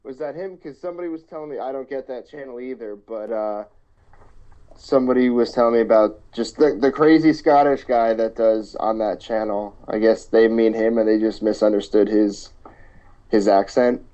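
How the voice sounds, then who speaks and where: A man co-hosting a podcast in casual soccer chat, halting and hesitant with many ums. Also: mid-range voice, warm tone. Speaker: podcast co-host. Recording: dull lo-fi line.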